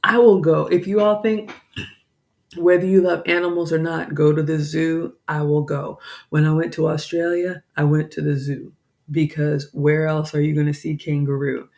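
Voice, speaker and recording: Gravelly-voiced chatty Southern woman. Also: deep voice, level tone, moderate pace, a little mellow. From American South. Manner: chatty, apologetic, scattered, laughs often. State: tired. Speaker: vlogger, home cook. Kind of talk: casual live-stream chat.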